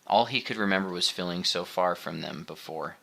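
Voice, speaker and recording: Deep-voiced male audiobook narrator. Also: brisk, gravelly, sharp tone. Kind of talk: scripted narration.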